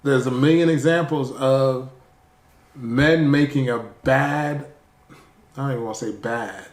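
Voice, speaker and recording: A man's voice: medium pitch, unhurried, reverberant. A man hosting a casual podcast chat, talking frankly and earnestly and swearing casually.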